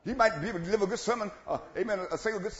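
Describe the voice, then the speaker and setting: Man preacher, higher voice, echoey lo-fi church recording, dramatic shifts from shouting to quiet asides. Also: very fast. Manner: swings from shouting to low asides, laughs between lines. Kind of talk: sermon. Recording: echoey church room, dull lo-fi sound.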